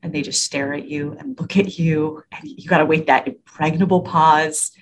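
Low-voiced woman, chatty and animated. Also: moderate pace. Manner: animated storyteller, acts out quoted exchanges. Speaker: school administrator and parenting educator. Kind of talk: casual interview talk.

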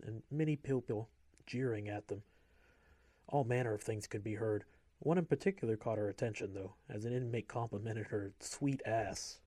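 A man reading a story aloud in a steady, measured way. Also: fairly low pitch, dry recording.

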